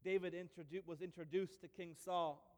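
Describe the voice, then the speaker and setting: A male pastor giving a sermon in a church, telling stories with lively humor and repeated phrases. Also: high voice, a little fast, in a large hall. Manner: animated storytelling with repeats and humor.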